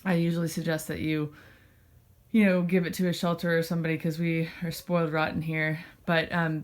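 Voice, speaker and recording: Woman rambling to her cats on a home vlog, slightly low voice, kinda breathless. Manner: chatty, rambling with many fillers. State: a little out of breath. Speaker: cat blog host. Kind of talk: casual vlog talking to her cats and viewers. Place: indoors at home.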